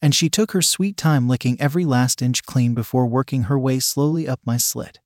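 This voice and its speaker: Man, story narration, steady measured reading, middle pitch, dry sound. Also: no room sound.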